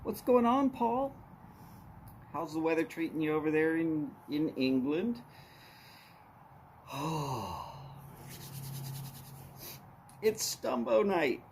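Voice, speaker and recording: A man's voice: on the high side, lively intonation, extremely slow, long pauses, darkish tone, a little hiss or hum. A man, casually chatting with viewers on his live stream, greeting them by name in an easy drawl. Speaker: livestream host. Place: outdoors at his house.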